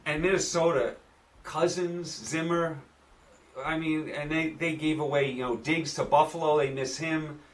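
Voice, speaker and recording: A man's voice: a little high, steady tone, a little slow, distant mic. A man with a New York accent giving casual, opinionated sports betting picks as host, repeating himself for emphasis.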